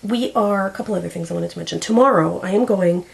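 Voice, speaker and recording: A woman's voice: medium pitch, fast talker, gravelly, low-quality recording. A woman in her forties chatting casually to the camera, rambling and often searching for words. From Canada. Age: 40s. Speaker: vlogger.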